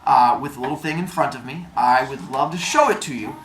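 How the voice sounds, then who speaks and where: A man telling a personal story in a casual way, acting out the other people's lines in an animated manner. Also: medium pitch, a little fast. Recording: roomy echo, faint noise.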